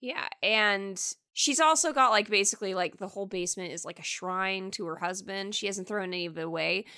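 A woman's voice: mid-range voice, brisk, pushed and bright. A woman co-hosting a podcast who laughs often and recaps a film in a chatty way, full of fillers. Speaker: podcast co-host. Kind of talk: casual film discussion.

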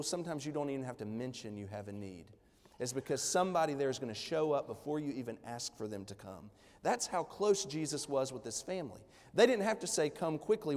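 A man's voice: fairly high pitch, darkish tone. A man, preaching a sermon in a casual, storytelling way with lots of fillers. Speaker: pastor. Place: church sanctuary. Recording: long church hall reverb.

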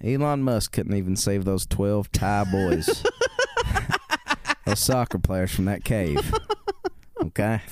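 A man co-hosting a casual chat, cracking profane deadpan jokes. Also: fairly low pitch, takes it slowly, long pauses, no room sound, clean studio sound. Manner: joking, profane, deadpan riffs. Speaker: podcast co-host.

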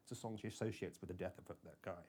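A man reading a first-person thriller audiobook with an intense delivery that moves between hushed and urgent. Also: sits low, fairly even intonation, fast talker, husky. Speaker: audiobook narrator.

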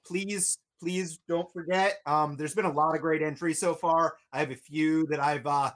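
A man's voice: a little high, fairly even intonation, normal speed, a bit bright. A man on a show, chatting casually and easygoing about a collectible and a giveaway. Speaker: show co-host.

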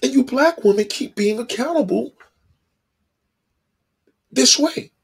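A man delivers a heated, profane monologue in a husky, high voice. His pitch swings widely, and he hammers each point with emphatic insistence. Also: lively intonation, takes it slowly. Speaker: commentator.

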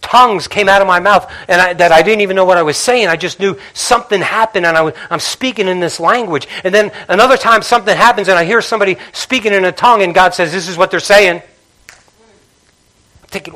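A male pastor preaching a sermon in a church, swinging between loud emphasis and hushed, intimate asides. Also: high voice, fairly quick.

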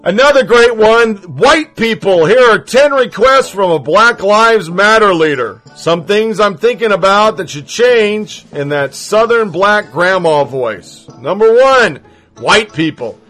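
A man's voice: sits high, expressive, measured pace, hardly any pauses, sharp tone, faint music behind, poor audio. Sarcastic, profane male commentator. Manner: sarcastic, heavy swearing.

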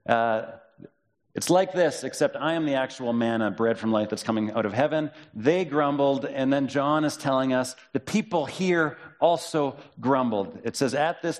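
Guy pastor giving a sermon, chatty and casual, gets animated reading out the quotes, middle pitch voice. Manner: conversational, reads and paraphrases scripture with animated quoted voices.

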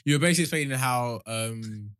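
A man's voice: mid-range voice, fast, fairly bright tone, clean tone. A young man joking around as a host in a casual chat. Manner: jokey, playful. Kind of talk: casual banter.

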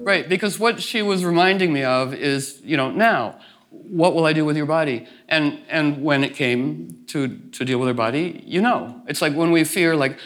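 A man with a slightly raised pitch muses aloud as a guest in a conversation. He meanders, restarts often and slips into acted-out asides. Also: moderate pace, fairly bright tone. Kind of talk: reflective conversational talk.

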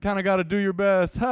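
A male pastor delivers a sermon in a call-and-response style, with joking and laughter between points, then builds into fervent prayer. His voice sits fairly high for a man, and the recording is close and dry, with little room sound. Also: no room sound.

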